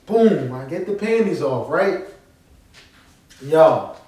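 A man casually telling a story straight to his listeners, animated and profane, often checking that they follow him. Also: on the high side, slow pace. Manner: animated, profane, keeps asking listeners to agree. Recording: roomy echo.

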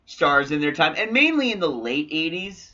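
A man's voice: a little high, big pitch swings, normal speed, sharp tone. A man in his forties hosting a casual movie chat, crude and wisecracking. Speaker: podcast host. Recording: lo-fi muffled recording.

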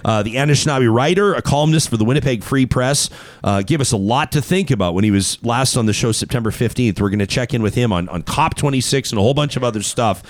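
A man's voice: medium pitch, fast talker, no echo. Chatty, digressive talk show host man. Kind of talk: casual talk show monologue.

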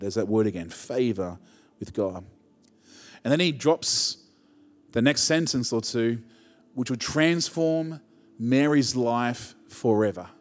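A man's voice: medium pitch, darkish tone, big-room sound. A man preaching a conversational sermon as pastor, rising to emphatic peaks.

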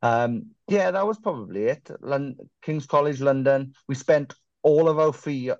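A man's voice: medium pitch, unhurried, dry recording, highs cut off. A man, a musician guest in a casual interview, rambling through self-deprecating stories and swearing casually.

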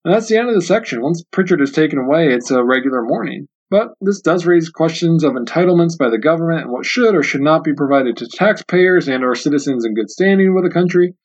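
A man's voice: a little high, expressive, fast talker, few pauses. A man hosting a book discussion podcast, talking earnestly and often repeating himself as he thinks aloud. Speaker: podcast host. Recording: dull lo-fi sound.

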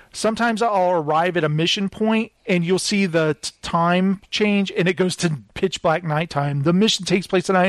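A man's voice: high voice, no room sound. A man hosting a casual podcast chat, talking in an amused, rambling way with lots of "like". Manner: chatty and amused, full of filler "like". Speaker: podcast host.

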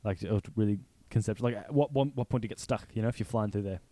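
A man's voice: lowish voice, quick pace, mellow, dry recording. A man co-hosting a podcast in casual chat, rambling through movie scenes and swearing as he goes. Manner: rambling, recounts scenes with voiced quotes, swears. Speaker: podcast co-host.

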